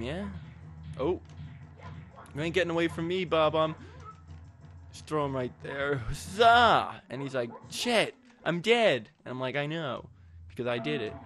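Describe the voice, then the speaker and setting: A man's voice: a little high, fairly bright tone. A man giving casual, jokey gameplay commentary as a let's play host, rambling with crude asides.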